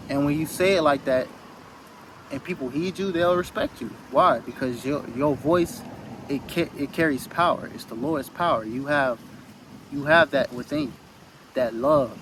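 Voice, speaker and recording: A man's voice: fairly high pitch, a bit bright, slight background noise, low-quality recording. A man giving an earnest, rambling motivational talk into his phone outdoors, repeating phrases for emphasis. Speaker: spiritual vlogger.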